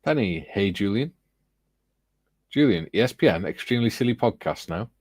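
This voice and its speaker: A man's voice: on the low side, lively intonation, normal speed, a little mellow, dry recording. A man hosting a casual livestream, reading viewers' chat messages aloud and chatting with his panel. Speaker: livestream host.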